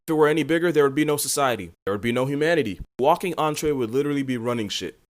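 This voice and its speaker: A man's voice: mid-range voice, animated, racing. A man giving a scripted comedic narration in a hyped, punchy, slang-heavy way.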